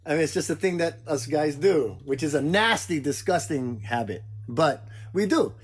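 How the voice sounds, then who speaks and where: A man's voice: on the high side, lively intonation, moderate pace, breathy edge. An older man hosting a podcast, chatting casually and animatedly, laughing often and acting out quotes. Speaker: podcast host. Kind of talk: casual chat.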